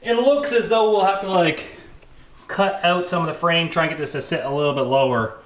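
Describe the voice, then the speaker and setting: A Canadian man talks a little fast in a higher-pitched voice while casually vlogging his drag lawnmower build. He jokes offhandedly and swears now and then, recorded in his echoey home garage with faint noise.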